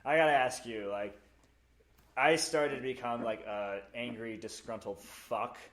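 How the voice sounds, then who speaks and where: A man's voice: medium pitch, a little slow, a bit bright. A man guesting on a podcast, telling stories in a heated, profane way, often restarting his sentences. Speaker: guest, military veteran. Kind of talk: casual interview chat.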